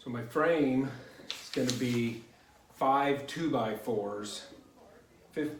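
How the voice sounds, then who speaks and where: A man's voice: medium pitch, takes it slowly, slight background noise. Middle-aged man, chatty garage woodworking vlogger, loose and rambling delivery. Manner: rambling, self-correcting, chatty. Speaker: home DIY vlogger. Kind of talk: casual workshop vlog. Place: home garage workshop.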